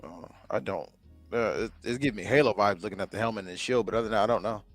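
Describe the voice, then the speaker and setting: A man on a chat panel, dropping quick laid-back remarks. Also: fairly low pitch, no echo, soft background music. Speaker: guest panelist. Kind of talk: casual chat.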